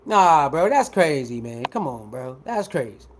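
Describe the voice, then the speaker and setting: A man doing casual livestream commentary, talking back to his viewers in an animated, emphatic way. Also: a little high, a little slow, slight background noise. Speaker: livestreamer reacting to chat.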